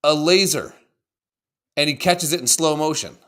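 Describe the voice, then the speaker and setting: A man co-hosting a podcast, chatting casually about videos in a profane, excitable, rambling way. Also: a little high, normal speed. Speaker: podcast co-host. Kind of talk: casual chat reacting to videos.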